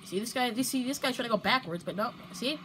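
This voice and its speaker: A young woman commentating her own gameplay, playful and prone to loud outbursts and strings of repeated protests. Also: on the high side, fast talker, a little hiss or hum, low-quality recording. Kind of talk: excited gaming commentary.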